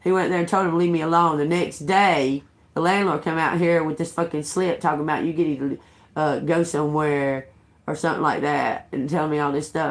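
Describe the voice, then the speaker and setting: A woman tells a story on her live stream, swearing freely and getting heated as she goes. Her voice sits on the low side. She talks in a casual, animated rant. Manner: profane, heated, animated retelling. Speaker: tarot reader on a live stream.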